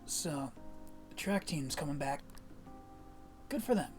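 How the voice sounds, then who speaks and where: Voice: mid-range voice, animated, takes it slowly, a little mellow, soft background music. A streamer voicing a hot-headed teenage boy, a former athlete, in blunt, slangy talk with mild cursing, as a fan reading of game dialogue. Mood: grumbling.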